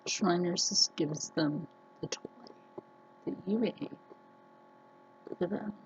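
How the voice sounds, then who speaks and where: A woman vlogger talking earnestly to her viewers, telling personal stories slowly with many restarts. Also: on the low side, darkish tone, slight background noise, rough recording. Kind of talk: casual personal talk to camera.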